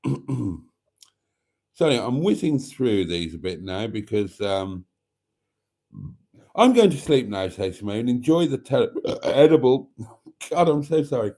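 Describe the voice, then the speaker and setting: A middle-aged man hosts a late-night live stream, reading viewers' comments aloud in a camp, chatty way. His voice is mellow and dark, at an ordinary pitch for a man. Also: very animated, unhurried, pauses often.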